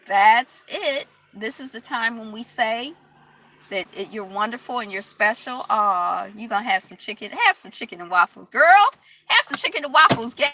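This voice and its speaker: A woman hosting a casual live stream, chatting in a rambling, upbeat way and closing with warm affirmations. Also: fairly high pitch, a little hiss or hum. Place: Detroit.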